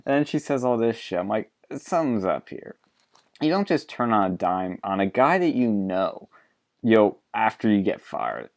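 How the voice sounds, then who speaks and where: Blunt low-voiced male podcast host. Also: big pitch swings, moderate pace. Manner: blunt, profane, laughs often. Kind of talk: casual political chat.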